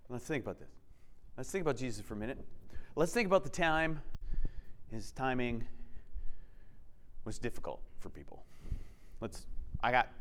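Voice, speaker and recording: A male pastor giving an animated sermon, moving between lively storytelling and quiet reflection. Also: mid-range voice, a little hiss or hum.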